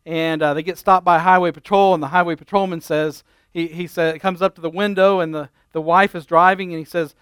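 A man preaching a sermon, a folksy storyteller telling humorous stories at an unhurried pace with frequent ums and restarts. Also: on the high side, steady tone, fairly bright tone, smooth, dry recording. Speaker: pastor.

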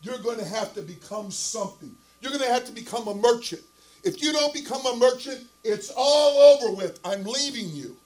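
A man voicing a distraught, bitter wife in a spoken story, scolding her husband in shrill, scornful tones. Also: animated, normal speed, hardly any pauses, a bit bright, rough recording.

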